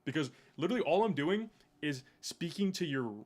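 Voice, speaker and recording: A man's voice: on the high side, animated, a little fast, a little mellow. A young man in casual chat, coaching a coworker on sales, swearing freely and making his points bluntly. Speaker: sales rep.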